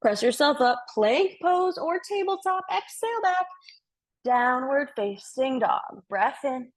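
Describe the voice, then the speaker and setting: A young woman with a high voice, wide pitch swings, and a slow pace leads a yoga class as its instructor. She calls out breaths and poses in an upbeat, playful way and sounds slightly out of breath.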